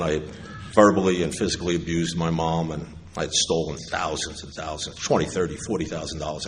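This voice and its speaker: A man's voice: extremely low pitch, slight background noise. A middle-aged man from New York speaking at a recovery convention, telling a personal story with wry humor and acting out what others said. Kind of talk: personal recovery talk to an audience. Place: large convention hall. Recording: echoey hall with faint ambience.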